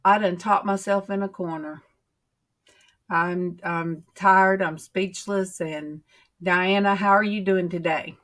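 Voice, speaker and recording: Middle-aged woman hosting a livestream, unhurried, homey, rambling chat. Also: on the low side, fairly even intonation, a bit bright. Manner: rambling, homey, drawn-out storytelling. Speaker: livestream host. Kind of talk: casual chat to viewers.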